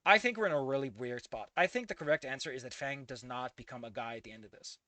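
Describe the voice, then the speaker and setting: A man's voice: mid-range voice, animated, fast talker, bright, forceful tone, no echo. A man giving casual commentary on a fan fiction he reads aloud, ranting in a profane, exasperated way.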